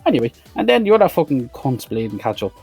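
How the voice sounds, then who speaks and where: Husky man ranting through a film review. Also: mid-range voice, very animated, fast, a little mellow, soft background music. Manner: profane, blunt, exasperated. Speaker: movie reviewer. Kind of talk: casual film review rant.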